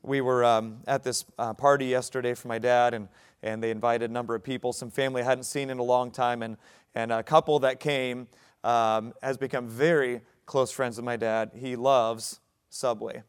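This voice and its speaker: A man's voice: medium pitch, fairly even intonation, moderate pace, clear, resonant tone. A young adult male pastor preaching a sermon, talking conversationally and building to emphatic points.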